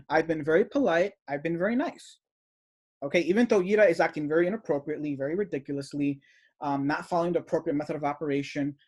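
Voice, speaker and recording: A man's voice: fairly high pitch, slightly rough. A man reads out chat messages and comments on them in an indignant, repetitive way. He leans on "you know" and "right?" as he goes. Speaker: teacher of an esoteric study group.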